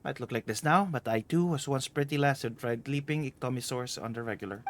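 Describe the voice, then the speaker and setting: A man's voice: mid-range voice, fairly quick, slight background noise, natural voice. A man reading the lines of a teasing, vain aging female treasure hunter aloud while streaming a game.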